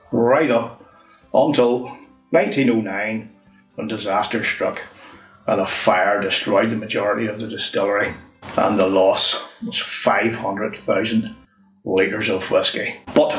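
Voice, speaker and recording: A man talks through a whisky tasting in a relaxed, chatty way. His voice sits fairly low. The recording sounds roomy and distant, with faint music underneath. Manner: chatty, unhurried, says "wee" often. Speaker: whisky reviewer. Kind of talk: casual review monologue.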